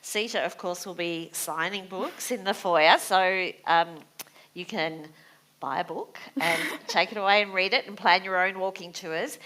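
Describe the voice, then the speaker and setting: A woman moderating a live Q&A at a library event, making brisk, friendly announcements to the audience. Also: lowish voice, a bit bright, low-quality recording.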